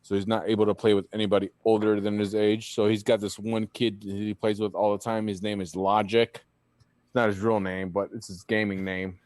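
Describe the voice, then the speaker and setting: A man's voice: lowish voice, flat delivery, fairly quick, a little mellow, no room sound. A man co-hosting a casual podcast, blunt and profane as he tells stories. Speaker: podcast co-host. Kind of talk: casual chat.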